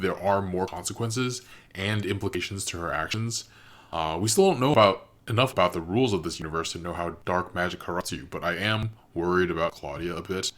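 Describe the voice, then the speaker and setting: A man hosting a reaction video, giving casual, thoughtful commentary and analysing what he has watched. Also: deep voice.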